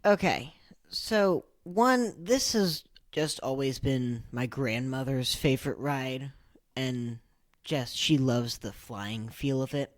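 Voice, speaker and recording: A young woman co-hosting a podcast, telling stories in a relaxed casual way, her phrases often trailing off quietly. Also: a bass voice, takes it slowly, dry recording. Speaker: podcast co-host. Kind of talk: casual chat.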